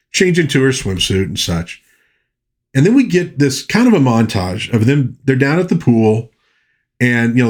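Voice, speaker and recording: Man, film reviewer, casual chatty narration, lowish voice, husky, retells scenes with quick character impressions. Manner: retells scenes, briefly mimicking characters' lines; loose, chatty, many fillers and restarts.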